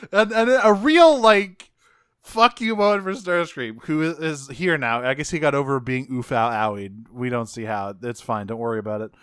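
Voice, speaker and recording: A man co-hosting a podcast, casually recapping a cartoon episode, animated, swearing and acting out quotes in jokey voices. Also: mid-range voice, clean tone, dry recording, studio quality. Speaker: podcast co-host.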